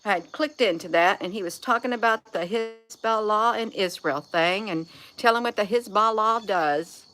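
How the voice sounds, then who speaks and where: A woman's voice: mid-range voice, normal speed, sharp tone. A woman vlogger talking to camera in a rambling, folksy, chatty way. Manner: folksy, chatty, drifts between topics. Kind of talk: rambling casual monologue.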